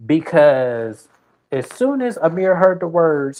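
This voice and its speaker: A man recapping a reality show in casual, animated commentary, with plenty of filler words and quick retellings. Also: fairly high pitch. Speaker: reality TV reviewer.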